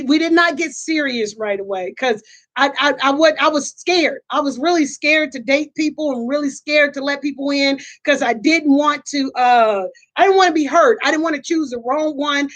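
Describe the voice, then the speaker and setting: A middle-aged woman hosting a casual chat, telling animated stories, laughing often, and repeating and restarting her phrases. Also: sits high. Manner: animated storytelling, laughs often, acts out quotes. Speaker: host.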